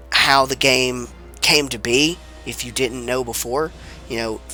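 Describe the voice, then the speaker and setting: Sounding sick, this man gives relaxed, meandering commentary on a video game as a let's play commentator, cursing offhandedly. His mid-range voice comes across bright and forceful.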